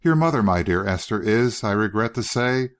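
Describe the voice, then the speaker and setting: A man's voice: fairly low pitch, expressive, moderate pace, lightly acted. A man voicing an elderly uncle who speaks in a purring, falsely tender way that hides menace.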